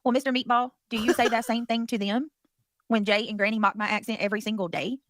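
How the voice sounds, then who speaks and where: A woman's voice: on the high side, steady tone, fast talker, dry recording. A woman with a Southern US accent hosting a casual livestream, rambling and chatty as she thanks viewers and curses now and then. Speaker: livestream host.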